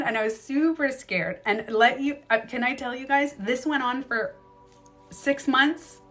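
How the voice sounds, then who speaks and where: A woman's voice: high-pitched, a little slow, a bit bright, soft background music. A woman casually telling a story on a livestream from a bedroom at home. She uses many fillers and acts out reactions as she talks. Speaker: live streamer and beauty coach.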